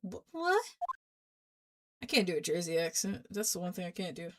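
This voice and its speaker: A woman streamer chatting loudly and jokingly while playing and reading out game dialogue. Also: on the low side, quick pace, background noise. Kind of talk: casual gameplay commentary and reading out game dialogue. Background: video game music.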